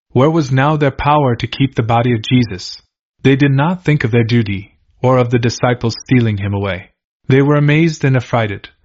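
A man narrating a religious book as an audiobook, in a steady, measured reading style. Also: medium pitch. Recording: dull lo-fi recording.

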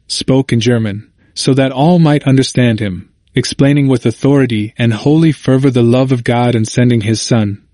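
A man's voice: medium pitch, dry recording, clean studio sound. Man narrating a history audiobook. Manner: steady, formal storytelling reading. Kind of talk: scripted narration.

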